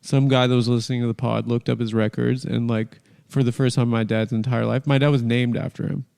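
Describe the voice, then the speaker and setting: A man's voice: mid-range voice, flat delivery, brisk, creaky, warm tone, clear, resonant tone, in a large hall. A man hosting a casual comedy podcast, telling a rambling, self-interrupting story. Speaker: show host.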